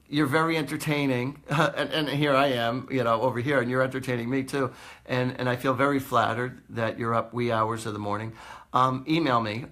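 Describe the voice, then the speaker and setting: A man's voice: medium pitch, pushed and bright. A man, a psychic host chatting casually on a live stream, rambling and laughing often.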